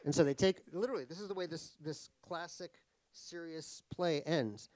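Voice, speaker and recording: A man's voice: a little high, normal speed, some chatter behind. A middle-aged man, an author telling comic stories about himself at a live talk. He is wry and self-deprecating, laughs at his own jokes, and rambles through fillers and restarts. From United States (New York). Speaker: author guest in a stage conversation. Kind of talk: comic anecdotal storytelling. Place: live talk at a cultural center.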